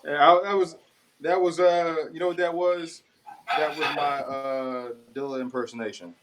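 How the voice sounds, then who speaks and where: A man making beats who chats casually about his influences, talking haltingly and pausing on "uh". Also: on the high side, steady tone, background noise. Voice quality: halting, fills with "uh" and restarts. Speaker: beatmaker. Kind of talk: casual hip-hop chat.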